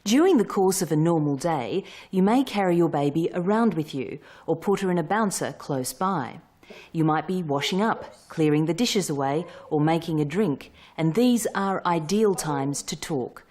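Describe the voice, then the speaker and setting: A woman calmly reading scripted instructional narration for parents. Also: low-pitched, moderate pace. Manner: calm, instructive. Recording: voice-over with faint music behind.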